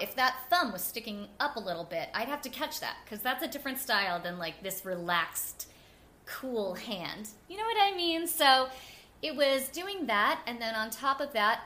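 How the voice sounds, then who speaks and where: A young woman with a bright, clear voice set a little high. She tells her stories in a casual interview, animated and chatty, with lots of "like". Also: slight background noise. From New Jersey. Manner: animated and chatty, with frequent "like" and laughter. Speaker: guest.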